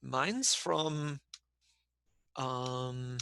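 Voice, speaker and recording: A man playing a tabletop game, speaking politely and haltingly in character. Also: mid-range voice, expressive, creaky, background noise. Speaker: player. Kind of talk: casual tabletop role-play.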